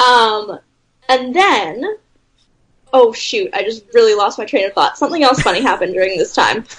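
A woman's voice: a little high, expressive, normal speed, fairly bright tone, slightly rough, poor audio. A young woman from Canada, co-hosting a casual chat in a rambling, chatty way and laughing often. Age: young adult.

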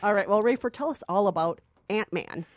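A woman's voice: mid-range voice, expressive, a little fast, no room sound. A woman co-hosting a casual movie chat, teasing her co-host and giggling often. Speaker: culture producer, co-host.

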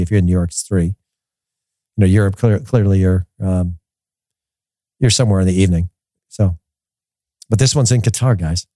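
Casting: man, lower voice, opinionated soccer podcast host, rambling delivery, dry close mic. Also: a little mellow, no echo. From United States. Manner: rambling, opinionated, repeats words while thinking. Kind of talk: casual podcast commentary.

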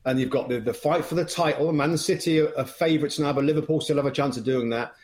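An Englishman who works as a football broadcaster, a guest on the show, talking in a lively, upbeat way. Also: a little high, fast. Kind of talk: casual interview chat.

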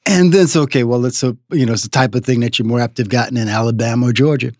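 A man from the Southern United States, a writer and food critic, talking as a podcast guest in an animated, storytelling way. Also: medium pitch, very fast, dry recording, clean studio sound. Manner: animated storyteller, acts out quotes. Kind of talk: interview conversation.

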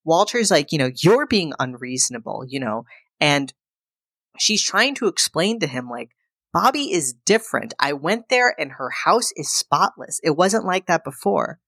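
A woman with a notably low voice chats through a movie plot for a podcast. She jumps into the characters' lines as she goes, and the sound is close and dry with no room echo. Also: normal speed. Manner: animated retelling, acting out characters' lines. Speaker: podcast co-host. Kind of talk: casual film recap.

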